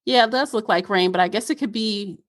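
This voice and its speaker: A woman's voice: mid-range voice, a little fast. A woman co-hosting a casual book-chat podcast, candid and blunt, laughing often. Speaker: podcast co-host.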